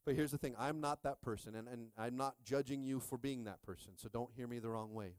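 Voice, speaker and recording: A man in his thirties preaching with lively, jokey energy, often jumping high in pitch as he acts out his own stories. The sound is dry and close. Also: fairly quick, dry recording. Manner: animated, jokey preaching with call-and-response. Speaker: pastor. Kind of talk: sermon.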